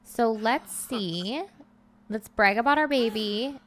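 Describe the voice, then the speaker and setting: A woman's voice: on the high side, slow, fairly bright tone. A woman hosting a life-sim let's-play, chatting casually and bursting into frantic pleading at her characters. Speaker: gaming channel host.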